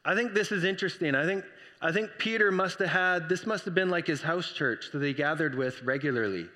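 A man preaching a sermon, telling the story with lively energy and acting out the voices. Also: fairly high pitch, a little fast, big-room sound. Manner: animated storytelling, acts out voices. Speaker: pastor.

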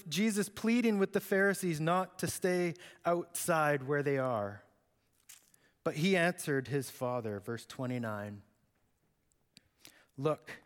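A man preaching a sermon in an expressive, conversational way. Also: fairly high pitch. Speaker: pastor. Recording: echoey hall.

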